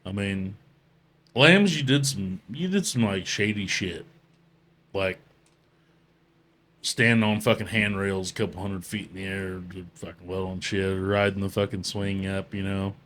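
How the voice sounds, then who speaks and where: A man's voice: low-pitched, unhurried, fairly bright tone. A man hosting a casual podcast chat, telling rambling, profane work stories among friends. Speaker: podcast host.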